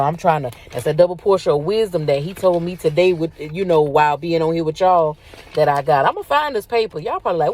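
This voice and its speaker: Lively woman preaching casually to viewers. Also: on the low side. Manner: animated, repeats herself, addresses viewers as y'all. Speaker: faith video host. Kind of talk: casual spiritual talk to viewers.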